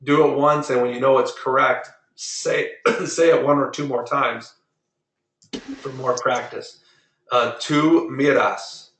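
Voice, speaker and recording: A man's voice: mid-range voice, steady tone, takes it slowly, fairly bright tone, reverberant, slight background noise, rough recording. A man teaching a Spanish class online, drilling verb forms and correcting pronunciation patiently. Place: online video meeting.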